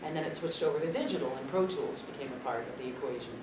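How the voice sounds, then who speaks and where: A low-pitched woman talks shop in a chatty, expressive way, as a seasoned voice actor and director. She is recorded from a distance in a reverberant convention room, with loud crowd noise underneath. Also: fast talker. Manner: chatty and expressive, thinking aloud. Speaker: voice actor and dub director, interview guest. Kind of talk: press interview answers at a convention.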